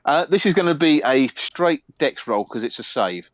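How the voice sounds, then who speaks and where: Animated game master. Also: male voice, fairly high pitch, normal speed, dry recording. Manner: relaxed, rambling with fillers. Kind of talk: narrating a tabletop game.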